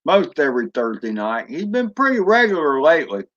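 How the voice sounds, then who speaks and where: A man's voice: a little high, big pitch swings, fairly quick, a bit bright, lo-fi sound. A man chatting casually on a drone hobby live stream, rambling and answering viewers as he goes. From Florida. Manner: rambling, chatty, reads chat aloud.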